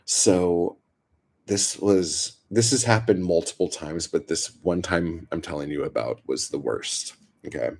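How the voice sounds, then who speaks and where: A man's voice: low-pitched, a little slow, vocal fry, a little mellow. A man hosting a livestream, telling stories in a profane, rambling, filler-heavy way. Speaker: livestream host. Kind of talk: casual storytelling livestream.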